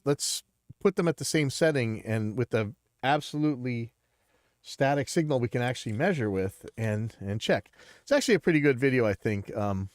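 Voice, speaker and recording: A man hosting a casual livestream, talking bluntly and rambling with restarts, a bit stuffy and clearing his throat. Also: medium pitch, dry recording, studio quality. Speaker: livestream host.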